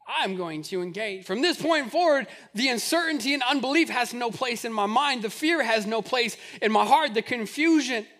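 A man's voice: extremely high pitch, a bit bright, big-room sound. A man preaching a sermon, who speaks in a conversational, humorous way and builds to fervent repetition. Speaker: pastor.

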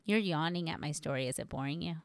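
A woman co-hosts a podcast and tells a casual, lively story with a slightly low voice. She swears freely and acts out her own past thoughts. Her voice sounds dry and close, with little room sound. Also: quick pace, no room sound. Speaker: podcast co-host.

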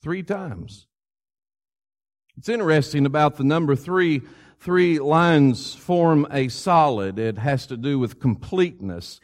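A man's voice: a little high, measured pace. A male preacher delivering a sermon, retelling scripture in a conversational, storytelling way.

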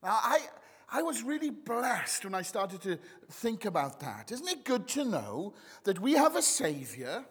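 A man preaches to his congregation in a warm, conversational sermon style, swinging widely up and down in pitch. His voice sits high and bright, and it carries a long reverb tail from the church hall. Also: husky. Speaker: pastor.

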